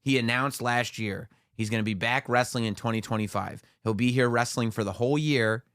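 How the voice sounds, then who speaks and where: A man's voice: medium pitch, smooth, dry recording, studio quality. A man co-hosting a podcast, eagerly retelling events blow by blow and acting out the quoted lines. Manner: animated storyteller, acts out quotes with dramatic pauses. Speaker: podcast co-host. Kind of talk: casual podcast chat, excitedly retelling a wrestling show.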